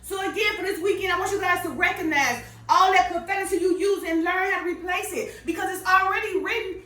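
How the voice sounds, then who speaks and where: A woman's voice: very high-pitched, a little fast, hardly any pauses, sharp tone. A woman giving a casual, sermon-style talk of Bible-based advice, emphatic and preachy, ending nearly every point with "right?". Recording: roomy sound, far from the mic.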